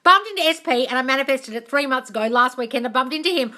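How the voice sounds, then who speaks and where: A woman with a bright, clear voice chats casually through a live question-and-answer stream, reading viewer comments aloud as she goes. She answers affectionately and keeps repeating her points for emphasis. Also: high voice, animated, quick pace, few pauses. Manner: repetitive, affectionate, calls viewers darling.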